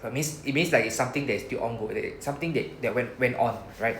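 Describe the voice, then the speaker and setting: A man's voice: mid-range voice, quick pace, a bit bright. A man with a Singaporean English accent teaching Japanese to a class, explaining patiently and often checking with "right?". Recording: echoey classroom, faint noise.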